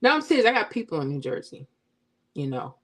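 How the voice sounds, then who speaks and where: A woman hosting a casual livestream, chatting with viewers and teasing them in a playful, animated way. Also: sits low, quick pace. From Florida. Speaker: livestream host. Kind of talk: casual chat with live viewers.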